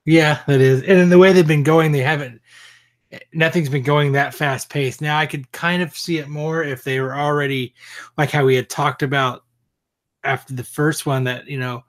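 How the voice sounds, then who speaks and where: A man's voice: on the high side, steady tone, moderate pace. A man co-hosting a fan podcast, chatting casually, swearing freely and often trailing off mid-thought. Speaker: podcast co-host.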